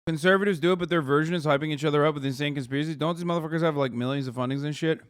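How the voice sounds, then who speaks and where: A male streamer in his thirties rants at his live chat, heated and full of profanity. His voice sits a bit high for a man, and he keeps mocking his critics in exaggerated put-on voices. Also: racing, clean tone. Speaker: streamer host. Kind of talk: casual political rant to chat.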